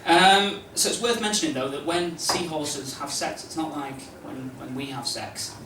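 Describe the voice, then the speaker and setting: A man doing a stand-up comedy routine on a club stage, rambling and hesitant, with lots of stammered restarts and deadpan asides. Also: on the high side, moderate pace. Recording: roomy live club recording from a distance, noisy.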